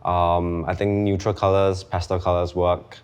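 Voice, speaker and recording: A young man from Singapore, a guest in a casual interview, relaxed and hesitant with many fillers. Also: low-pitched, normal speed, clean tone, muffled recording. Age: young adult.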